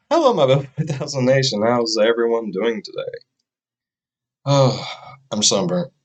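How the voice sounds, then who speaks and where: A man's voice: medium pitch, measured pace, lo-fi sound. A man hosting a reaction video, talking in a casual, rambling way. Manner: rambling and chatty.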